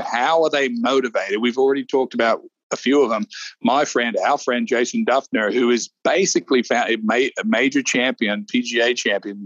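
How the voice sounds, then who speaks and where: A man co-hosting a casual golf preview chat, animated and rambling, often restarting his sentences. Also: mid-range voice, no room sound, lo-fi sound. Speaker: golf show co-host.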